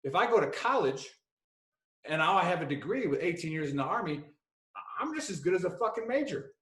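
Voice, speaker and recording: A man's voice: high-pitched, sing-song, a little fast, fairly bright tone, pitched above the performer's own voice. A man voicing an angry male veteran sergeant with a Southern accent, ranting profanely. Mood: indignant rant. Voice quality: profane, indignant. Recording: echoey room.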